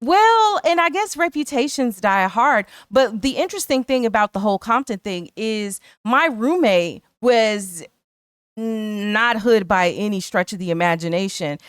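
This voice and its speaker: A woman's voice: medium pitch, lively intonation, unhurried, clean tone, no room sound, studio quality. A middle-aged woman co-hosting a podcast, chatting casually and thinking aloud with lots of "you know.". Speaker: podcast co-host. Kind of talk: casual chat.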